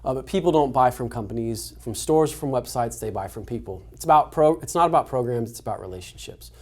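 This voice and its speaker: A man's voice: mid-range voice, brisk, a little mellow. Male webinar host, casual and conversational, lots of "you know" and restarts. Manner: conversational, frequent fillers and restarts.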